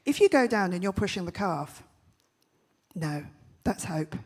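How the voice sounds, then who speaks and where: Woman, husky lower voice, comic keynote on stage, brash punchy delivery. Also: lively intonation. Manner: brash, punchy storytelling with quick jokes. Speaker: festival speaker. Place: large event stage.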